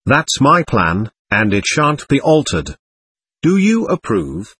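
A man's voice: mid-range voice, wildly swooping pitch, takes it slowly, a bit bright, breathy edge, heavily acted. Man voicing an anguished, fervent prisoner. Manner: fervent and pleading. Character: anguished, passionate young male prisoner.

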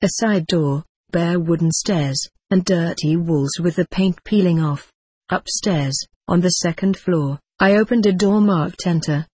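A woman narrating a first-person story in a measured, even way. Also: lowish voice, husky, no echo. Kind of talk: audiobook narration.

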